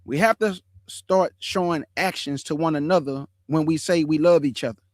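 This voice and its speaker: High-voiced casual man talking to viewers. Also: moderate pace, dry recording. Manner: relaxed slangy street talk, addresses viewers as family; laughs often while telling stories. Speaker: online show host. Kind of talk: casual livestream chat on scripture.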